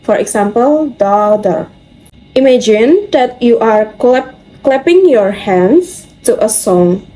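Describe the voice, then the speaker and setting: A young woman reading a class presentation aloud from a script, steady with small slips. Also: a little high, takes it slowly, poor audio. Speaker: student presenter.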